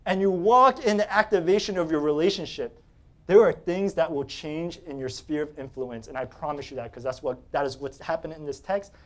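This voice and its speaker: A man from Staten Island, New York preaching a sermon, telling personal stories in a joking, conversational way and laughing often. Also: on the high side.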